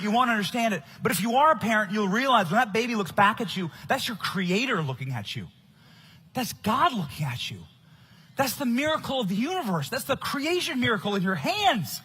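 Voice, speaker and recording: A young man giving a loud, emphatic political rally speech at a conference. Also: very high voice, sing-song, brisk, husky. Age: young adult. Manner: loud, shouting, emphatic delivery. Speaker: conference speaker. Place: conference stage.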